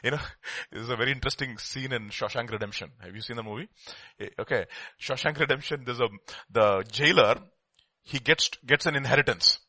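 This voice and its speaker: A man preaching a sermon, swinging between quiet asides and loud emphatic lines, acting out the people in his stories. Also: mid-range voice, brisk, no echo. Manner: animated preaching, acts out quoted dialogue, swings from quiet to loud. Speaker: pastor.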